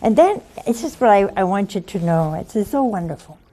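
A woman's voice: mid-range voice, big pitch swings, fairly quick, dark tone. A woman preaching a conversational sermon and hosting a call-in show, pleading and coaxing, with rhetorical asides to her listeners.

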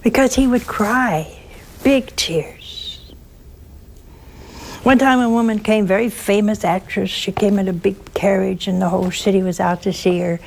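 A woman who is a nun, giving a storytelling sermon, slow and emphatic, with rhetorical questions and folksy asides. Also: medium pitch, steady tone, creaky, a little mellow, a little hiss or hum.

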